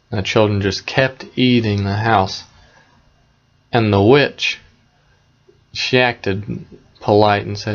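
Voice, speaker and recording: A man retelling a fairy tale in a plain, conversational, unhurried way, with small asides to the listener. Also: on the low side, fairly even intonation, muffled recording. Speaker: storyteller.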